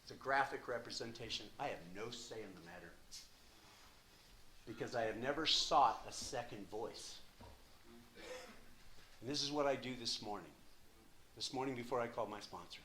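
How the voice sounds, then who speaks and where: Older man, 60s, emphatic recovery share, mid pitch, hushed to loud, profane. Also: slight background noise. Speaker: speaker at a recovery meeting.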